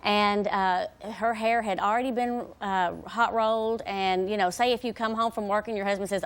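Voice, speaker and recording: A woman's voice: fairly high pitch, moderate pace. A woman hairstylist guest on a daytime TV show, explaining casually with lots of "you know" and "kinda", heard from worn old videotape. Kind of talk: TV guest demonstration.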